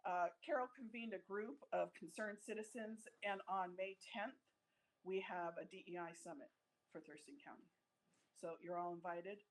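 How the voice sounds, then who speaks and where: A woman's voice: mid-range voice, moderate pace, low-quality recording. A woman giving a talk to a live audience, speaking bluntly with jokes and often asking "right?". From United States. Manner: direct, blunt and joking, keeps checking in with "right?". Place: event room with a live audience.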